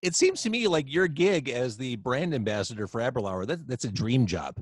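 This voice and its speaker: A man's voice: medium pitch, expressive, brisk, husky, no echo. A man hosting a casual live video-chat podcast, upbeat and teasing his guest. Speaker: podcast host. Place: home, indoors. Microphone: video call.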